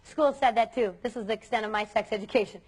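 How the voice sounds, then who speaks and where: A woman with a high voice gives an earnest talk to a room of students. She speaks emphatically and leans hard on key words, with a lively, animated delivery. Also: fast talker, slightly rough. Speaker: youth speaker.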